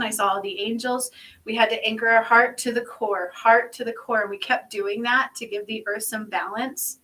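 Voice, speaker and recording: A woman speaking as a spiritual channeler in a casual livestream monologue, excited and rambling, laughing often and dropping into soft asides. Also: on the high side, recorded from a distance, poor audio. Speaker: spiritual channeler streaming to followers.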